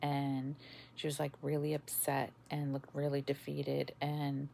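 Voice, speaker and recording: Woman podcast host, low gravelly voice, unhurried, halting testimony. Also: completely flat delivery, warm tone, a little hiss or hum. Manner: slow, halting, many fillers and restarts. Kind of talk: casual spoken testimony.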